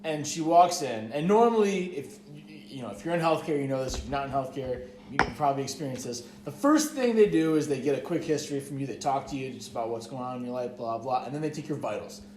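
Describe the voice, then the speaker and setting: A man's voice: mid-range voice, animated, fast, few pauses, a little mellow, a little hiss or hum. A young man in casual podcast chat, spinning a long rambling story in a mid-range voice. He swears freely and leans on "like" every few words. His voice bounces around an echoey room. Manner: rambling, profane, heavy use of "like". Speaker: podcast co-host.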